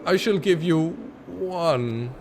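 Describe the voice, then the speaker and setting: A man reading aloud as a pompous older male noble, speaking slowly and grandly. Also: fairly high pitch, vocal fry, a little hiss or hum, voice pushed up.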